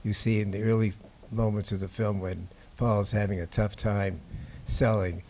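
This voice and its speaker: Older man, documentary filmmaker, lowish voice, warm dark tone, halting unhurried anecdotes, talk to an audience. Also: flat delivery. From Boston, USA. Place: indoor screening before an audience.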